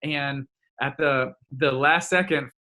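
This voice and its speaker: A man's voice: mid-range voice, fairly even intonation, slow, sharp tone. A man in his thirties, a former college player, answering earnestly in an interview and repeating words as he thinks.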